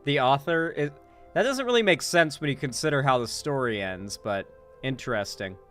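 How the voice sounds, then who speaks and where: A man's voice: medium pitch, animated, normal speed, a bit bright, faint music behind. A man doing casual live-stream commentary, rambling with lots of "like" and swearing freely.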